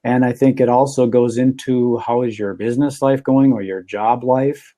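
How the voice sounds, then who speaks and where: A man with a Minnesota accent hosting a casual video-call chat, talking in a relaxed, rambling, folksy way. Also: medium pitch, normal speed. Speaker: show host. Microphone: earbud headset.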